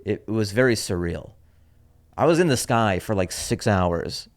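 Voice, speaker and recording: Laid-back man with a low voice. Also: expressive, unhurried. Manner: storytelling, wry and offhand. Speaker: comedian podcast host. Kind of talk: casual rambling monologue.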